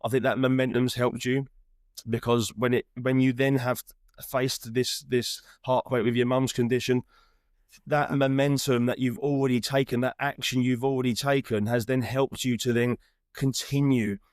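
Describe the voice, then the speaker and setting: A man's voice: medium pitch, level tone, normal speed, darkish tone, dry recording. Earnest male podcast host, dry sound. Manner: earnest, encouraging, with frequent restarts. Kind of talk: reflective interview chat.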